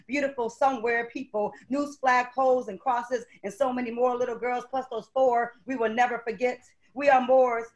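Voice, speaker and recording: A woman poet giving a rhythmic, declamatory spoken-word performance over a video call. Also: a little high. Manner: rhythmic, declamatory poetry delivery.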